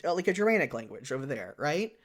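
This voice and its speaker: A podcast co-host chatting casually at a mid-range pitch. The delivery rambles, full of "like" and restarts, and keeps correcting itself mid-sentence. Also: very animated, fast talker. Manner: rambling, filler-heavy, frequent "like" and self-corrections. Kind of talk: casual chat.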